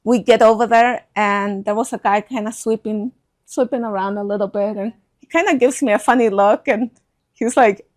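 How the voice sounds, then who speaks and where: A middle-aged woman recounts a personal story in a relaxed conversation. Her voice sits fairly high. She is animated and slips into the voices of the people she quotes. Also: normal speed. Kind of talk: storytelling in a casual chat.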